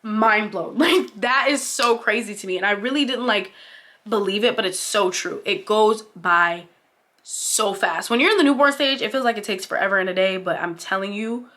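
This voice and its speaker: Young woman, casual sit-down vlog, bright tone, heartfelt, encouraging, chatty. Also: mid-range voice, fairly quick. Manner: chatty, heartfelt, many "like" fillers; encouraging, speaks to other mothers as "mama". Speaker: vlogger.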